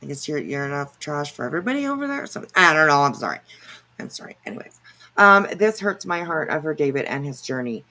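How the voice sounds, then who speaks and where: A woman's voice: low-pitched, sing-song, fast talker, pushed and bright. A woman hosting a casual reaction livestream, rambling and sarcastic with lots of fillers and swearing. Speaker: livestream commentary host.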